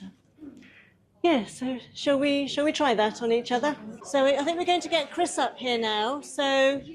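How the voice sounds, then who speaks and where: A woman with a fairly high, creaky voice runs a live workshop demonstration. Chatty and easygoing, she coaches a volunteer step by step and laughs often along the way.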